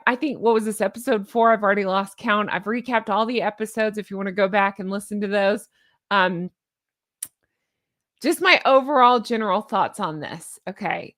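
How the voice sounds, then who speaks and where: A woman's voice: a little high, a bit bright, dry recording, studio quality. A woman giving casual commentary on her own channel. She is chatty and sarcastic and laughs at her own remarks. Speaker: YouTube commentator.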